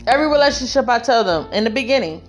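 A woman's voice: a little high, lively intonation, very fast, soft background music. A woman vlogging relationship advice in a casual, heartfelt monologue, telling her story emphatically and speaking straight to other women.

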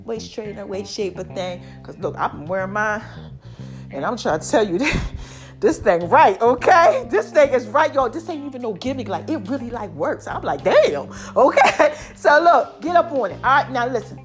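A middle-aged woman in a casual motivational vlog, chatty and animated, repeating catchphrases, her voice a little deepened by allergies. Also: normal speed, soft background music. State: voice a bit deep from allergies. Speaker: online personality talking to followers.

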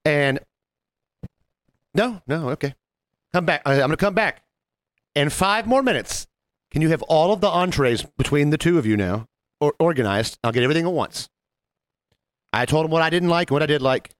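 A man spins a quick, animated story for a podcast and slips into the voices of the people he describes. His pitch jumps all over the place, and his voice sits on the higher side. The sound is close and dry. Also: dry recording. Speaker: podcast co-host. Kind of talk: casual storytelling.

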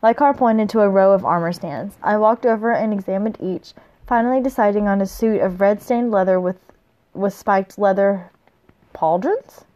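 Woman, fantasy novel read aloud, middling pitch, chatty laughing asides, trips on hard words. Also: moderate pace, mellow, highs cut off. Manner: stumbles on hard words, laughs through her comments. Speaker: reader of a novel.

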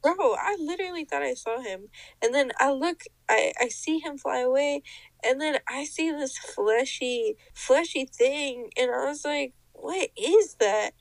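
A young woman co-hosts a podcast and tells a story in loose, casual chat. Her voice sits a little high and carries a gravelly fry. She laughs and acts out the people in her story, recorded close and dry. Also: measured pace, no echo, rough recording. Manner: animated, laughing, mimics people in her stories. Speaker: podcast co-host.

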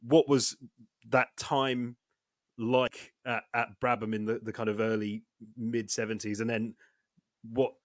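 A man's voice: mid-range voice, little pitch movement, unhurried, no room sound, clean studio sound. A man hosting a podcast, asking long, rambling questions with chuckles and restarts. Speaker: podcast host. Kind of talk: casual interview chat.

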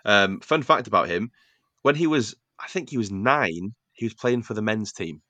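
Young male podcast co-host from North Wales, lowish voice, storyteller who acts out quotes. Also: lively intonation, normal speed, sharp tone, dry recording. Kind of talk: casual chat.

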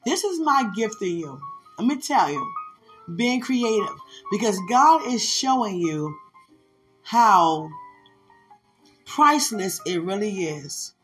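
A woman's voice: mid-range voice, big pitch swings, fairly bright tone, soft background music. A woman hosting a podcast, talking playfully and affectionately, often laughing and breaking into prayer. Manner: playful, laughing, drawn-out exclamations. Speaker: podcast host. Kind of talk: affectionate casual monologue with prayer.

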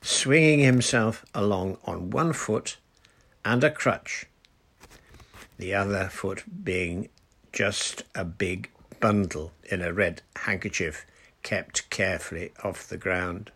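A man reading a children's adventure story aloud in a measured storytelling manner. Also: sits low, a bit bright, breathy edge. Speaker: audiobook narrator. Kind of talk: storybook narration.

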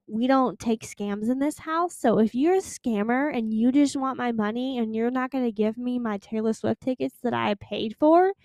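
Earnest teen girl podcaster, higher voice. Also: a little mellow, dry recording. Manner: earnest, pleading, gushing. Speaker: podcast host. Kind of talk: casual solo podcast chat.

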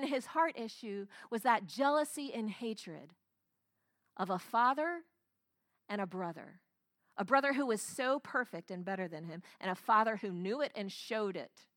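A woman's voice: on the high side, expressive, unhurried, a bit bright, dry recording, studio quality. A woman pastor preaching a sermon, telling the story dramatically and acting out the quotes.

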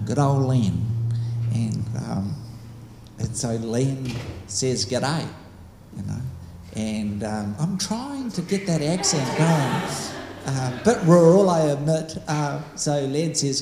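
A man's voice: mid-range voice, a little mellow. A man telling stories to a group in a loose, rambling, conversational way full of asides, recorded in a large hall with faint noise behind. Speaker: speaker. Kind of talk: storytelling talk to a group.

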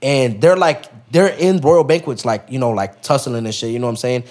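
A man's voice: mid-range voice, brisk, a little mellow. A young man, a podcast guest, telling a story in casual street slang, full of profanity and acted-out quotes.

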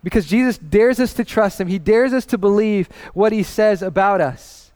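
High-voiced man preaching earnestly. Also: normal speed, darkish tone. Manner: earnest preaching with personal anecdotes, rising emphasis. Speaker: pastor. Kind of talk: sermon.

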